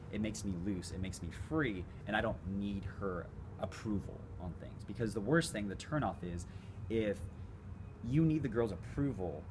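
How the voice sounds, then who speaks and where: A man giving casual dating advice straight to camera, blunt and swearing freely, with noticeable background noise. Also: on the low side. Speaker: dating coach.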